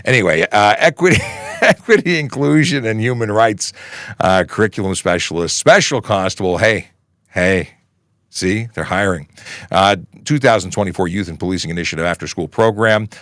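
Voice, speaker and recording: Speaking at normal speed in a slightly low, somewhat bright voice, this Canadian police constable in his forties hosts a casual livestream. He chats in an upbeat, rambling way. The audio is dry and close, with little room echo.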